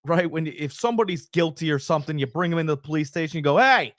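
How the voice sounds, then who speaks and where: A man's voice: on the high side, fairly even intonation, racing, dry recording, clean studio sound. A man co-hosting a casual sports podcast, rambling and acting out quoted voices as he argues. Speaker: co-host.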